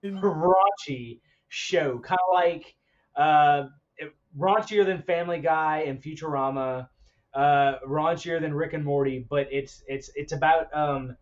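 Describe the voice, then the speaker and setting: A man's voice: a little high, takes it slowly, dull audio. A man co-hosting a podcast in casual chat, rambling and laughing between stories. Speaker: podcast co-host.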